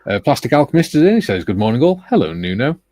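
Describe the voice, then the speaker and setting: A man's voice: mid-range voice, big pitch swings, fast, warm tone, dry recording. A man hosting a live panel, reading out the viewer chat and greeting each person in a jokey, chuckling way. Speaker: host. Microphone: video call.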